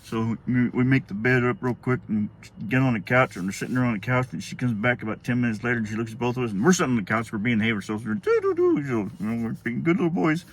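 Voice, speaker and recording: A man's voice: medium pitch, steady tone, fast, hardly any pauses. A middle-aged man, telling a childhood story in a casual, rambling way, often laughing and acting out quotes. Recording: faint background noise.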